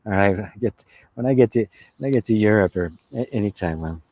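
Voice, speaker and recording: A man giving a spiritual satsang talk, reflective and unhurried, often asking "right?" and laughing softly. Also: lowish voice. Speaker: spiritual teacher. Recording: dull lo-fi sound.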